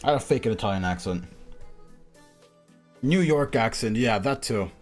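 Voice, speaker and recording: A man's voice: medium pitch, lively intonation, normal speed. A young man from Mexico streaming, chatting casually and mocking himself with a lot of laughter. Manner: joking, self-mocking, laughs often. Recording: music playing behind.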